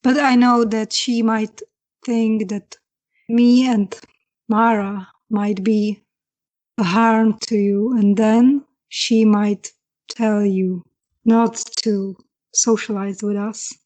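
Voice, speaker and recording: A woman's voice: on the high side, little pitch movement, slow, a little mellow, low-quality recording. A woman playing her character in a tabletop game, speaking hesitantly and searching for words. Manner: hesitant, searching, many restarts. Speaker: player. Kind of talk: in-character role-play.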